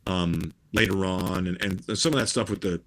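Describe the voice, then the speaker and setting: A man's voice: deep voice, steady tone, normal speed. A middle-aged man chatting casually as a podcast guest, rambling with many restarts and fillers. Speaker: guest musician.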